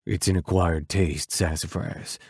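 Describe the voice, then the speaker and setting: A man voicing a stubborn, gruff biker who talks low and dry, in an audiobook. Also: fairly even intonation, a little slow, a little mellow, dry recording, heavily acted. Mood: wry.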